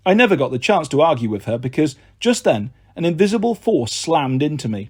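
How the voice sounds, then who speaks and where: A male audiobook narrator telling a first-person adventure with lively, expressive delivery. His voice sits a little high and carries a faint husky texture. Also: fairly quick, hardly any pauses. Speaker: storyteller.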